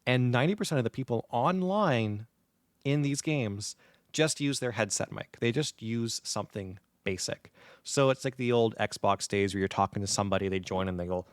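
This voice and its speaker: A man in his thirties co-hosting a podcast, telling an animated story in casual chat, speaking right up against a close microphone. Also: mid-range voice, brisk, no echo. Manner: animated storyteller, acts out quoted gamers. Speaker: podcast co-host. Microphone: close dynamic podcast mic.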